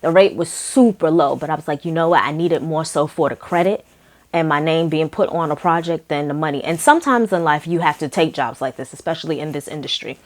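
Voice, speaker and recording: A young woman telling a story from her work as a makeup artist in a casual, animated way, acting out the dialogue. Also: sits low, fairly quick. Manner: chatty, animated, acts out dialogue with laughs.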